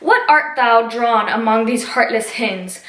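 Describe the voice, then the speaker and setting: A woman's voice: fairly high pitch, measured pace, a bit bright, roomy sound. A woman reading the lines of a hot-headed young male swordsman spoiling for a fight, in plain verse. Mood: hostile. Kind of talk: reading a play aloud in class.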